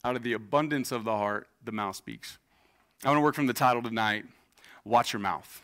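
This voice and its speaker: A man's voice: medium pitch, a little fast, bright, forceful tone. A man in his thirties, a pastor preaching a sermon in a casual, joking way, telling personal stories to a church congregation. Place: church stage before a congregation.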